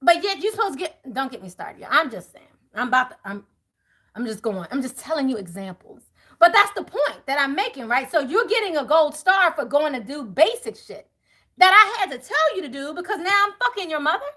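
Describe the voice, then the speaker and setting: A woman's voice: high voice, sing-song, fairly quick, pushed and bright. A woman speaking as a tarot reader to her viewers, blunt and profane, laughing often. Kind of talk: animated monologue to viewers.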